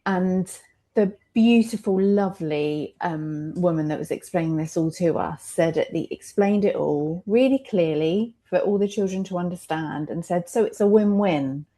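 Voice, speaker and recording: A woman's voice: lowish voice, moderate pace, mellow. A mother in a candid roundtable conversation, speaking reflectively and emotionally, often laughing between her thoughts.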